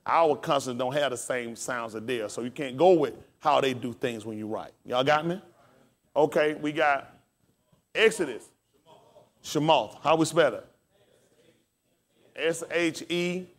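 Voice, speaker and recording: A man's voice: mid-range voice, unhurried, long pauses. A man pastor preaching and teaching scripture, calling out questions to his congregation and spelling words aloud.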